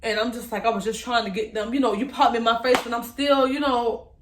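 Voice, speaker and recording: A young woman, emotionally recounting a personal story to the camera in a candid, halting way and speaking straight to her viewers. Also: on the high side, fairly even intonation, noisy background. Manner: candid, halting, speaks to viewers as "y'all", voice rises when reliving moments. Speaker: vlogger telling her story.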